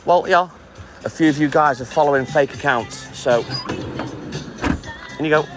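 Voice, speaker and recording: A self-employed milkman in middle age live-streams his night delivery round, chatting casually, greeting viewers and answering comments between stops. His voice is fairly high and unhurried, with music in the background.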